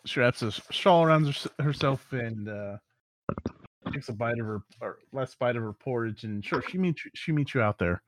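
A man's voice: mid-range voice, lively intonation, normal speed, background noise. A man running a tabletop game as game master, describing scenes in a loose, hesitant way with many fillers.

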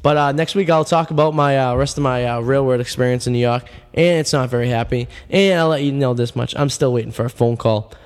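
A male radio host, telling a rambling, deadpan absurd story full of fillers, his voice getting worn. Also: medium pitch, a little fast, hardly any pauses, smooth, long reverb tail. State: losing his voice. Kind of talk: casual storytelling monologue.

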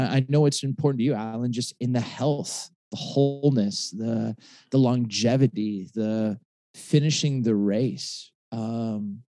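A Michigan pastor and author in his forties tells a personal story during a conversational interview, restarting often and using many fillers. His voice is medium-pitched and mellow, with no echo.

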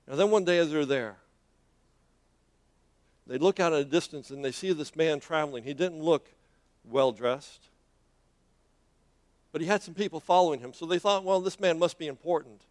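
High-voiced man preaching a story sermon. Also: moderate pace, pauses often. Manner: dramatic, with many hesitations and repeated words.

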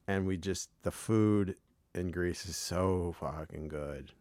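A man's voice: deep voice, takes it slowly, darkish tone, no echo. An American man co-hosting a podcast, chatting casually in a rambling way with lots of swearing and restarts. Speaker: podcast co-host. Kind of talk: casual chat.

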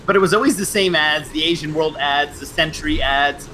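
Middle-aged male host, rambling storyteller, bright and a touch high. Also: a little fast, a little hiss or hum, rough recording. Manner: rambling, with frequent restarts and laughs. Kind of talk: casual storytelling chat.

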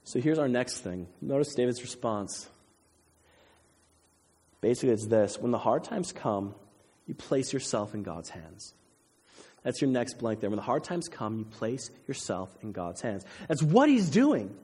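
A man preaching a sermon as pastor, animated, swinging between loud emphasis and hushed intensity. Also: on the high side, normal speed, breathy edge. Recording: long hall reverb.

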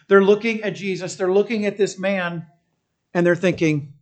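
A pastor preaching a sermon. The pastor tells the story in an animated way, often checking in with listeners and restarting phrases while thinking aloud. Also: mid-range voice, normal speed. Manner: animated storytelling, keeps asking listeners "right?".

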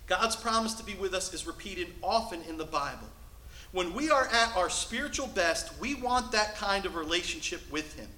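A male pastor preaching a sermon from the pulpit, shifting between loud, emphatic lines and hushed, soft passages. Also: fairly high pitch, roomy sound, a little hiss or hum, low-quality recording. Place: church sanctuary.

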